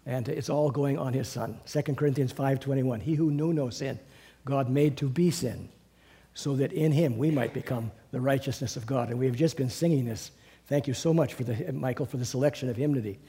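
A man's voice: medium pitch, fairly quick, warm tone, slightly rough. A man preaching a sermon in a church, earnest and rambling, with restarts, often building to fervent emphasis. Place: church sanctuary.

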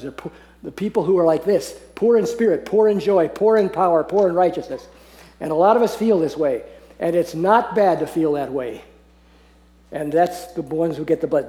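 A man teaching a Bible passage to a group, earnest and often laughing, slowing down to read verses aloud. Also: on the high side, mellow. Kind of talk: teaching talk on scripture. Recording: echoey room.

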